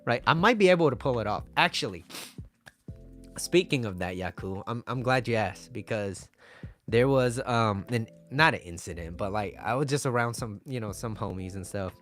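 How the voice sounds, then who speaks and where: A man's voice: fairly low pitch, expressive, moderate pace, a bit bright, soft background music. A man talking casually to his viewers, giving dating advice in a chatty style and often asking "right?".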